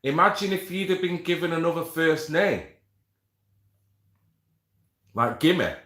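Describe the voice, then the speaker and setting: A man's voice: on the high side, brisk, fairly bright tone. Chatty man in echoey room. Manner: chatty, swearing, banter with viewers. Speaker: livestream host. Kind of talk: casual livestream chat reading comments.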